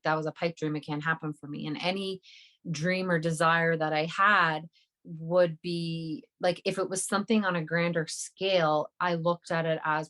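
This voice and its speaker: A woman co-hosting a podcast in casual, reflective chat, often filling her talk with "like". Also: fairly low pitch. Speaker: podcast co-host.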